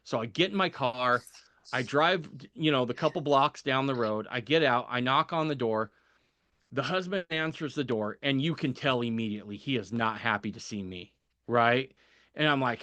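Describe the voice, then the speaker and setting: A man's voice: medium pitch, moderate pace, sharp tone, no room sound. A man guest on a podcast telling a personal story, animatedly acting out the voices of people he quotes and chuckling at the funny parts.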